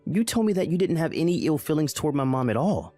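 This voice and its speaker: A man's voice: on the high side, big pitch swings, quick pace, mellow, soft background music. A man voicing a confused young husband in a dramatized story, pleading and anxious. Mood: bewildered. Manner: confused, pleading, rising alarm.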